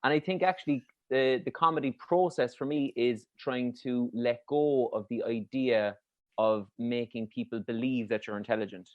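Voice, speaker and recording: A man, a comedian, muses in a middle-pitched voice and laughs easily. The recording sounds dry and close. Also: normal speed, no echo, highs cut off. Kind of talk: casual chat.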